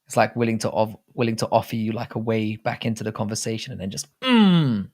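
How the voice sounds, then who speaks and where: A young English man with an English accent and a somewhat low voice hosts a casual live chat. He rambles loosely, swears freely and reads out viewer comments as he goes. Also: fairly quick, darkish tone. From England. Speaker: livestream host.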